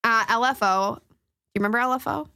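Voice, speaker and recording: A woman's voice: fairly high pitch, creaky, bright, forceful tone, clear, resonant tone, no echo, studio quality. A woman comedian chatting casually as a podcast guest, playful and giggly. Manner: playful, giggly, quick to laugh.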